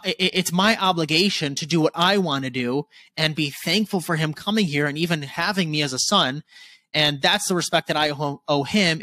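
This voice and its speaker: A man in his twenties talking candidly as a podcast guest, casual and animated, swearing freely. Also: on the high side, no echo. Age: 20s.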